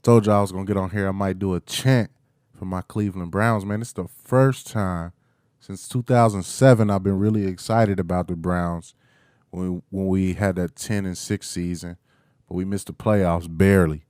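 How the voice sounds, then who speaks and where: Host, young man, lowish voice, dry close sound, excitable and teasing, casual sports rant. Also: normal speed, smooth, dry recording. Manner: hyped, playful trash talk with chants. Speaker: podcast host. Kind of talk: casual solo sports talk.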